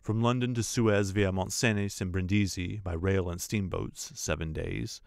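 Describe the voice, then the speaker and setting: Brief: assured gentleman reciting figures, read by a male narrator; gravelly. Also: sits low, fairly even intonation, no room sound, studio quality. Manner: measured, listing.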